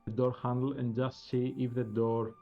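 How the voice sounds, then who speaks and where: A man's voice: medium pitch, little pitch movement, normal speed, highs cut off, soft background music. A man playing a tabletop game over an online call, talking through his moves in a tentative way with frequent restarts. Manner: tentative, restarting phrases while planning moves. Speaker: player. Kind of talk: casual game talk.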